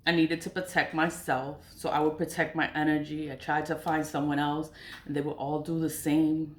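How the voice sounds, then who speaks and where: Middle-aged woman w a lowish voice, chatty spiritual vlog, swears a lot, roomy echo. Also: normal speed. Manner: animated, swearing, laughs often. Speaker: spiritual product seller. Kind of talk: casual spiritual vlog talk.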